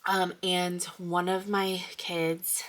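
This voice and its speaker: Young american woman rambling cheerfully about her budget stuff, kinda low voice for a girl. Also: flat delivery, extremely slow, fairly bright tone. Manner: chatty and digressive, upbeat. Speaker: budgeting vlogger. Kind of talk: casual chat showing purchases.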